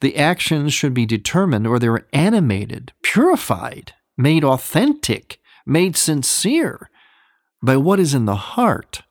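A man's voice: mid-range voice, very animated, takes it slowly, dry recording. Man explaining liturgy on radio, dry sound. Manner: explanatory, reflective, gently emphatic. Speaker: radio program host teaching on Byzantine Catholic liturgy. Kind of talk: radio teaching talk.

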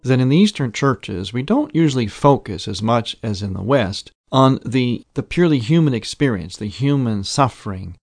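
A man's voice: medium pitch, very animated, normal speed, few pauses, a little mellow, breathy edge, no room sound. A man giving thoughtful, explanatory religious commentary on a radio program. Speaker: radio commentator on Eastern Christian liturgy.

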